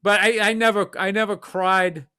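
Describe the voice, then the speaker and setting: A man co-hosting a podcast, telling animated, profane stories in casual chat. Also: high voice, normal speed, clean tone. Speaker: podcast co-host.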